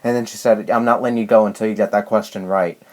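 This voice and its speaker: A man's voice: fairly low pitch, fairly even intonation, fast, darkish tone. A young man vlogging a rambling, exasperated rant about a personal story, full of restarts and fillers. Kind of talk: ranting personal story to camera.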